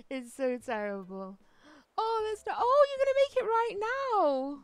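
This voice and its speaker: A woman's voice: high-pitched, animated, normal speed, dry recording. A woman streaming a video game live, chatting casually and giggling as she talks straight to her viewers. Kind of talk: casual live-stream chat while playing.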